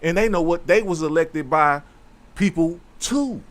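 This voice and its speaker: A man hosting a casual talk show, explaining a civics question slowly and with emphasis, repeating key phrases and adding conversational asides. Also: on the high side, animated, a bit bright. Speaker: host.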